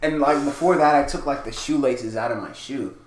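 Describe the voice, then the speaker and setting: A young man co-hosting a casual podcast, telling stories in a rambling way, full of "like" and quick laughs. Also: medium pitch, a loud crowd. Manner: rambling storytelling, heavy "like" filler, laughs often. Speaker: podcast co-host. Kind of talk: casual chat. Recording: echoey room with faint ambience.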